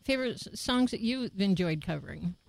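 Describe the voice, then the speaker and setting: A woman hosting a casual interview, lively and chatty, quick to laugh. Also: mid-range voice, gravelly, no room sound, low-quality recording. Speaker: host.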